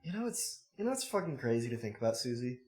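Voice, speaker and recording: A man's voice: medium pitch, sing-song, fast talker, crowd noise. A man co-hosting a podcast, explaining his points at length in casual chat, swearing casually. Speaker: podcast co-host. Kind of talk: casual movie-review chat.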